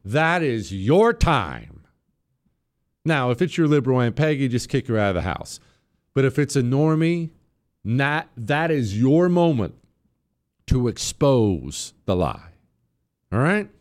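A man's voice: mid-range voice, sing-song. Sarcastic man hosting talk radio. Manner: combative, sarcastic, emphatic, slows down to stress points. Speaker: radio talk show host. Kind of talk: political talk radio monologue.

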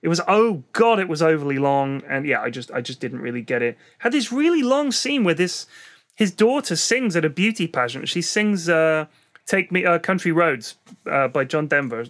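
A man's voice: a little high, sing-song, normal speed, a bit bright. A man from England in casual podcast chat, sarcastic and sweary. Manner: sweary, sarcastic, mimics voices.

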